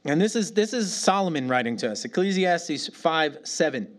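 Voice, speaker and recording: A middle-aged pastor preaching a sermon, telling stories with animated bursts and falling to a near whisper when he prays. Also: on the high side, moderate pace. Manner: animated storytelling, dropping to a near whisper in prayer.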